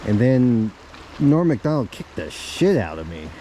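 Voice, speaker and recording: Deadpan guy spinning a rambling comic tall tale, slow and low, mellow voice, keeps restarting. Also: slight background noise. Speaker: storyteller.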